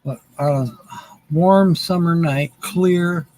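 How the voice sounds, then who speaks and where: A man's voice: on the high side, slow, mellow, no echo, rough recording. A man hosting a live stream, rambling casually with lots of fillers.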